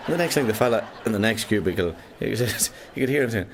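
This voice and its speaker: A man with an Irish accent telling jokes as a stand-up comedian, rambling quickly through stories with frequent restarts. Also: on the low side, expressive, background noise.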